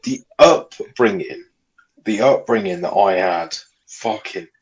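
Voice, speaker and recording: A man's voice: on the low side, huge pitch swings, takes it slowly, creaky, muffled recording. A man co-hosting a casual chat podcast, talking bluntly with frequent swearing and weary sighs. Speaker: podcast co-host.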